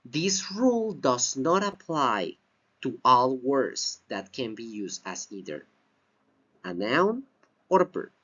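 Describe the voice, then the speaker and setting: A male English teacher walks through a slide lesson at an unhurried, deliberate pace. His pitch rises and falls a lot as he repeats key phrases for emphasis. The recording sounds dull and lo-fi. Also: big pitch swings, fairly bright tone. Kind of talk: slide-based grammar lesson.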